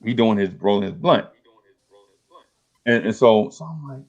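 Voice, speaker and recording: A man's voice: fairly low pitch, a little slow, lo-fi sound. A middle-aged man telling street stories in casual chat, full of slang and acting out the voices of old friends. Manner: streetwise slang, animated storytelling, acts out dialogue. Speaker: podcast host.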